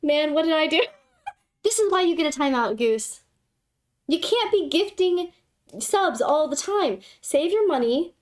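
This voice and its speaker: A young woman with a high voice hosts a casual livestream and chats with her viewers. She talks in a giggly, theatrical way and playfully scolds people in the chat. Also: animated, unhurried. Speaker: livestream host.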